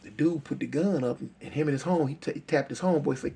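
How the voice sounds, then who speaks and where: A man's voice: a little high, fast, vocal fry, warm tone, breathy edge. A man telling a street story aloud in a casual, repetitive, emphatic way.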